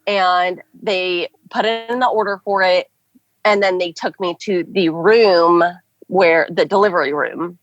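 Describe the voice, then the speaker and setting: A young woman with a lowish voice tells her story as a podcast guest, in a chatty way full of "like" and "um." The recording is dry and a little dull. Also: fairly even intonation, measured pace, no echo. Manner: chatty, many "like" and "um" fillers. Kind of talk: casual storytelling.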